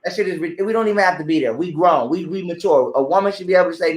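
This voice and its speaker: In a casual live stream, a high-voiced man appearing as a podcast guest lectures his audience bluntly and profanely at a racing pace. His preachy, direct talk echoes as though he's in a large, roomy space.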